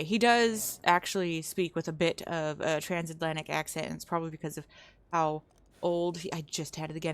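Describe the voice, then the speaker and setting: A young woman streamer chatting casually with viewers, rambling, breaking off mid-sentence and starting again. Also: low voice. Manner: rambling, self-interrupting, trails off mid-sentence.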